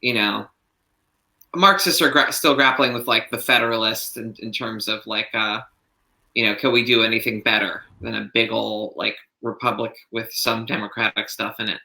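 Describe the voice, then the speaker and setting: A man's voice: fairly low pitch, fairly even intonation, normal speed, creaky, pushed and bright. A man co-hosting a casual podcast discussion, thinking aloud with lots of fillers. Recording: roomy echo.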